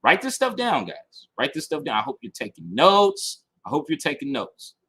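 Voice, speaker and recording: A man's voice: a little high, wildly swooping pitch, moderate pace, bright, forceful tone, slightly rough. A man teaching a casual online marketing lesson. He is emphatic, repeats his key points and keeps checking in with his listeners. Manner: reads review passages aloud and then picks them apart. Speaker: marketing instructor.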